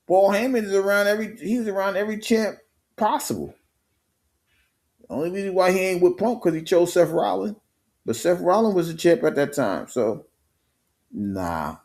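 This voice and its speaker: A man hosting a live stream, telling the story in an animated, slang-heavy way with swearing and casual sports talk. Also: sits high, normal speed.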